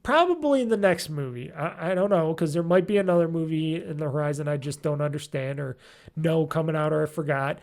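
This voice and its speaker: A man's voice: a little high, brisk, creaky, darkish tone. A man hosting a gaming podcast alone, chatting casually and rambling with lots of ums and curse words as he searches for names. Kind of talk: casual solo podcast chat.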